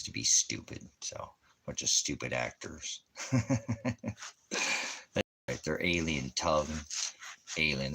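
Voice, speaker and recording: Very deep-voiced man in a mocking rant. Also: fairly bright tone. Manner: mocking, sarcastic, chuckling between jabs. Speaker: ministry host. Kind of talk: ranting religious commentary.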